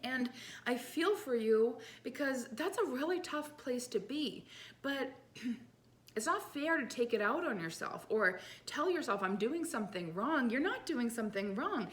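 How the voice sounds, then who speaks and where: A woman's voice: high voice, lively intonation, measured pace. A woman in her thirties hosting a motivational podcast, talking in a casual, earnest and upbeat way, often acting out her own self-talk. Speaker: podcast host, life coach.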